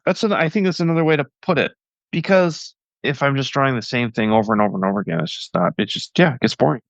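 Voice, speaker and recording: A man's voice: medium pitch, fast talker, creaky, dry recording, dull audio. A man talking as a guest on a podcast, enthusiastic and rambling with lots of fillers. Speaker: guest cartoonist. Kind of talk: casual podcast interview.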